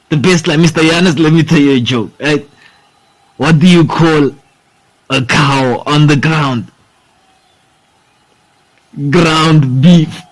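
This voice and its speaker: A man's voice: a little high, low-quality recording. A young man hosting a sports podcast, rambling in casual talk, swearing freely and saying "bro" and "dude" a lot. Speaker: podcast host.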